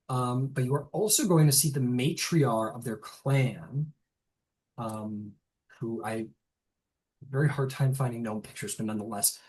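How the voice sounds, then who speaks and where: A man narrating as game master of a tabletop game, rambling and full of fillers. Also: mid-range voice. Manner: rambling, filler-heavy, self-interrupting.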